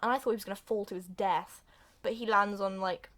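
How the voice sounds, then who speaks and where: A young woman recapping a film plot for comedy, acting out the characters' lines in an animated way. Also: mid-range voice, brisk. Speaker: video reviewer.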